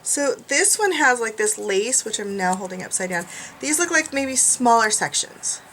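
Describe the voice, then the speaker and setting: A woman's voice: fairly high pitch, expressive, normal speed, fairly bright tone, a little hiss or hum. A middle-aged woman vlogging in a casual, chatty, rambling way and poking fun at herself. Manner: chatty, rambling, self-deprecating. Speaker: craft vlogger. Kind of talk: casual chat.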